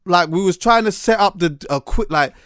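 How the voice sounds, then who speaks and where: A man hosting a casual chat, telling stories in an animated, slangy way with many restarts. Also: high voice, moderate pace, smooth, dry recording, clean studio sound.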